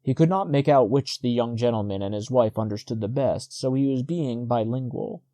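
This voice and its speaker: A male audiobook narrator reads a scripted text in a warm, mid-range voice at a moderate pace, with no room sound at all.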